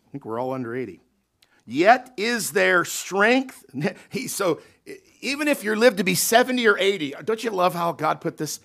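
A man pastor preaching a sermon in a church, emphatic and folksy, swinging between loud, stretched-out lines and quiet asides while asking the congregation questions. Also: high voice, sing-song, brisk, vocal fry. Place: church sanctuary.

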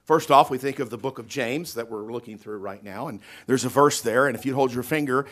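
A slightly fast, medium-pitched man preaches in a church sanctuary, emphatic and down-home. This pastor alternates stretched-out, loud lines with quiet asides while asking his congregation questions.

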